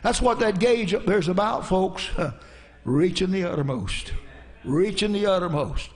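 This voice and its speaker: A man's voice: sits high, a little slow. A male pastor preaching a sermon in a church, telling stories in a folksy way and dropping in frequent amens. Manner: folksy storytelling, peppered with "amen".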